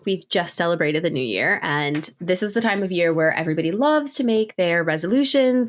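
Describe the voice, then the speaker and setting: Woman with a creaky, scratchy throat. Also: fairly low pitch. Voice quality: vocal fry. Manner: relaxed, uses lots of "like" and "um". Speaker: podcast co-host. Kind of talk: casual podcast chat.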